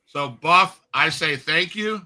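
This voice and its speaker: Bright-voiced chatty man in his fifties. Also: a little high, slow, rough recording. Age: 50s. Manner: chatty, animated storyteller. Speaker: podcast host. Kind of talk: casual interview storytelling.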